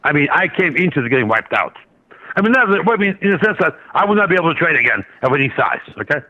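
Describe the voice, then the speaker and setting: A man's voice comes through a dull, lo-fi line, set a little high and swinging widely as he talks. He rambles through a trading story, restarting sentences and adding asides. It sounds like an unscripted guest spot on a radio show. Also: very animated, fast. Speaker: guest market analyst and trader. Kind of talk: casual radio interview storytelling.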